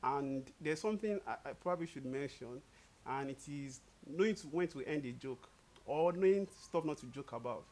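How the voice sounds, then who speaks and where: A young man talking casually with his partner, easygoing and quick to laugh, acting out little quotes as he tells stories. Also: medium pitch, animated, darkish tone. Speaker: co-host. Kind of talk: casual couple chat.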